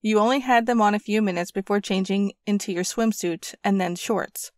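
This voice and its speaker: A woman reading an audiobook, voicing a practical young mother reassuring her daughter in a brisk, friendly way. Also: mid-range voice, a little mellow, dry recording, studio quality, lightly acted.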